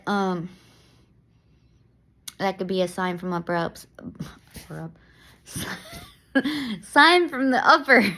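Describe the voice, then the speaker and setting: A young woman talking casually to camera in a vlog, rambling and excitable, laughing often and restarting her sentences. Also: mid-range voice, gravelly. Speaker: vlogger. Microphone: camera mic.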